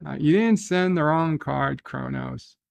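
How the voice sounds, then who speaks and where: Gravelly, slow-talking male streamer. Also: a little high, dry recording. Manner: rambling, reads chat aloud, thinks out loud. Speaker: live stream host. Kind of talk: casual livestream chat reading viewer comments.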